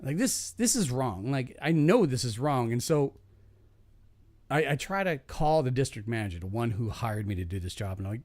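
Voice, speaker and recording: A podcast host, a man with a medium-pitched voice, tells a work story casually at normal speed with no echo. He's animated, swears, and acts out the voices of the people he quotes.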